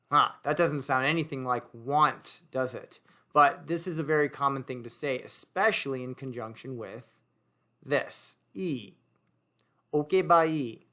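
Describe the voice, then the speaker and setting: A language teacher with a sharp, mid-range voice explains grammar while writing on a board. He thinks aloud as he goes, using easy fillers and correcting himself.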